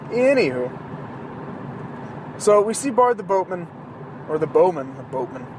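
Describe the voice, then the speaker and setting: A man with a notably high-pitched voice rambles casually from the driver's seat, his talk loose, profane and sarcastic. He jokes his way along as soft road noise hums faintly behind him. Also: big pitch swings, slow pace, long pauses. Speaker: podcast host. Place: inside a moving car.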